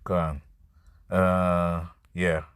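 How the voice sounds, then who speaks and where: A man with a lowish voice preaches off the cuff, reading verses aloud. He stalls and repeats words, then drives on with "man" and "you see." The sound is dry and close, with no room around it. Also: little pitch movement, clear, resonant tone, no echo. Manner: repetitive and halting, restarts words, frequent "man" and "you see". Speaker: street-style preacher. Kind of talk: improvised scripture sermon to camera.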